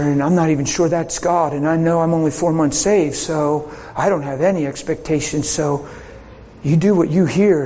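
A man preaching a sermon as a pastor, telling a story in an animated way with laughs along the way. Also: a little high, in a large hall, muffled recording, slight background noise.

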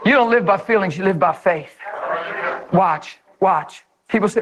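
A man preaching a fired-up sermon in a high, light voice. He leaps into shouted peaks and drops to low, quiet asides, laughing as he goes. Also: moderate pace, crowd noise, poor audio. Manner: excitable, shouting and laughing, swings between loud highs and low asides. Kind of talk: energetic sermon.

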